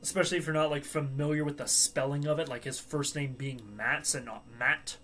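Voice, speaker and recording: A man's voice: on the high side, fairly even intonation, a little fast, a bit bright, slight background noise. Chatty joking man hosting a live stream. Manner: chatty, joking, laughs at own asides. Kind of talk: casual live watchalong chat.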